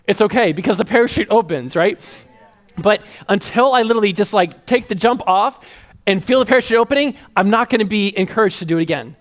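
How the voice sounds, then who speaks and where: This is a male preacher with a notably high voice who talks in a loose, chatty way. He is animated and keeps breaking into playful acted-out voices and laughter. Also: brisk. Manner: animated, conversational, acts out voices, laughs often. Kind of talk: sermon.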